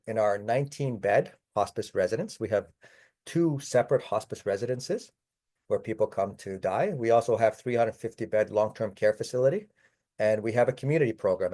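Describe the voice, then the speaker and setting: A man's voice: lowish voice, mellow. A man giving a conversational palliative care presentation over a video call, often addressing his audience as folks. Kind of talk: online webinar talk.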